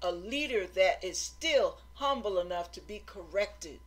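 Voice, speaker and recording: A woman's voice: medium pitch, animated, unhurried. A middle-aged woman giving an informal Christian sermon in an earnest, exhorting way, repeating phrases for emphasis. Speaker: Christian teacher.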